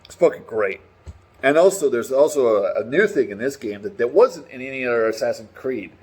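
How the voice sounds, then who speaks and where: A man talking casually and excitably about a game, swearing freely and rambling between stories. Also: mid-range voice, fairly quick, breathy edge. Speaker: gaming vlogger. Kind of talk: casual opinion chat.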